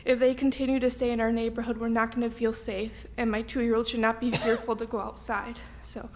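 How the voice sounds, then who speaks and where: A woman's voice: on the high side, flat delivery. Emotional young woman near tears. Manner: emotional, halting, many ums. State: close to tears. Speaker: resident speaking at public comment. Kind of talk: public comment at a village meeting.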